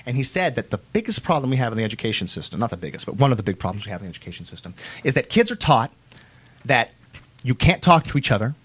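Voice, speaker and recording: Animated, emphatic American man. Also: medium pitch, fast, breathy edge. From United States. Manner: animated, emphatic, repeats phrases for stress. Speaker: co-host of a commentary show. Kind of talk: opinionated political commentary.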